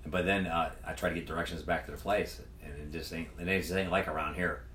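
A man's voice: deep voice, steady tone, brisk, fairly bright tone, a little hiss or hum. Profane man telling a rambling story. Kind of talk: casual chat. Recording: echoey room, mic far off.

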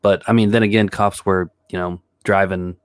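A man's voice: low voice, level tone, moderate pace, dry recording, clean studio sound. A laid-back man co-hosting a podcast in casual chat, agreeing and chuckling along. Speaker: podcast co-host.

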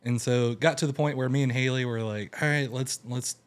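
A young man, a guest, tells a long personal story in casual conversation, speaking a little fast in a medium-pitched voice. He's animated and acts out what people said, raising his voice for the quotes.

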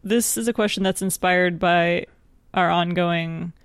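A woman's voice: fairly low pitch, fairly even intonation, measured pace, clear, resonant tone, no echo, studio quality. A woman co-hosting a podcast in casual chat, teasing and laughing often. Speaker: podcast co-host.

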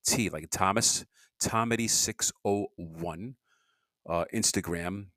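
A man talks alone on his podcast in a lowish voice, drifting from point to point and cutting himself off mid-sentence. His voice sits close and dry, with no room sound around it. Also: slow, fairly bright tone, no echo. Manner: rambling, restarts sentences, grumbling asides. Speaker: podcast host. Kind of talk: rambling solo podcast monologue.

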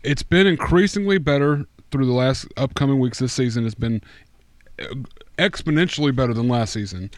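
A man's voice: medium pitch, brisk, dry recording. A man co-hosting a casual sports podcast, rambling in an exasperated, profane way. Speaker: podcast co-host. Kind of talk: casual fantasy football chat.

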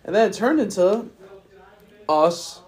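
A man's voice: high voice, lively intonation, slow pace, a little mellow. A drunk young man rambling through a profane story on a casual podcast. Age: young adult. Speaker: podcast host. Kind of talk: casual chat.

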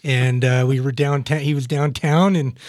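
A man co-hosting a casual chat, telling a brisk workplace anecdote. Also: mid-range voice, fairly even intonation, darkish tone, no room sound, studio quality.

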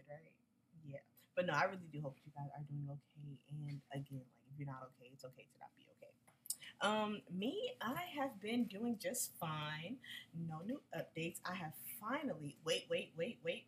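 A woman's voice: low-pitched, slight background noise, poor audio. A woman hosting a casual solo podcast, chatty and upbeat, using slang and talking straight to her listeners. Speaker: podcast host.

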